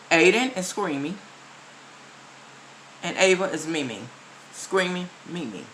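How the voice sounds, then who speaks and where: A woman's voice: medium pitch, pushed and bright, slight background noise, rough recording. A woman vlogger talking straight to her viewers in casual commentary, emphatic and repeating her key phrases as she lectures them. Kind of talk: casual direct-to-camera commentary.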